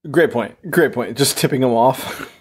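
A man's voice: medium pitch, slightly rough. A man co-hosting a podcast, laughing along and adding short sarcastic remarks. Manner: laughing, agreeing, quick sarcastic quips. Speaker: podcast co-host. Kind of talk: casual chat.

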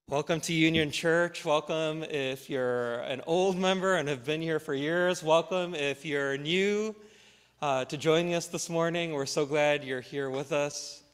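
Male pastor, unhurried and deliberate, leads worship in a reverberant church sanctuary. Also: fairly high pitch, smooth. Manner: slow, measured reading with emphatic phrases. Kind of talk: church welcome, scripture reading and prayer. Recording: long hall reverb.

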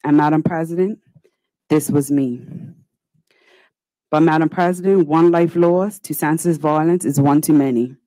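A woman's voice: low-pitched, steady tone, warm tone, dry recording, poor audio. A woman senator, giving a formal, earnest, pleading speech in a legislative chamber. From Bermuda. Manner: earnest, pleading, with slow deliberate pauses.

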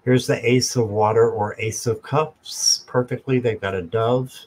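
Slow-talking man hosting a live stream. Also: mid-range voice, steady tone, darkish tone, rough recording. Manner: slow, chatty, talks to viewers by name, jokes. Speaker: tarot reader and channel host. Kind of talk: casual live-stream chat.

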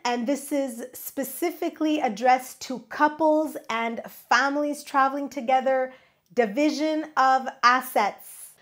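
High-voiced woman giving travel tips. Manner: friendly, advising, list-style delivery. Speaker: travel vlogger. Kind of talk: scripted travel tips to camera.

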